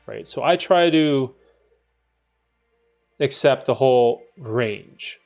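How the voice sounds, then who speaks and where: His mid-range voice is slow, creaky and darkish, and soft background music plays. The congested-sounding streamer casually answers chat, reading viewers' messages aloud and reacting with lots of fillers.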